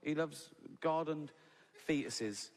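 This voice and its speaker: A man's voice: a little high, slow pace, slight background noise. A British man performing a live stand-up routine, sardonic and mocking, building to incredulous outbursts. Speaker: stand-up comedian. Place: large live venue with audience. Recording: live hall recording with audience ambience.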